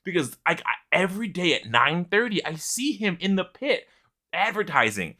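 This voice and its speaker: Guy on a gaming podcast, bright voice, jumps all over the place when he talks. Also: high-pitched, normal speed. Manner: animated storyteller, swearing, laughing often. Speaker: podcast co-host. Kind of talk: casual gaming podcast chat.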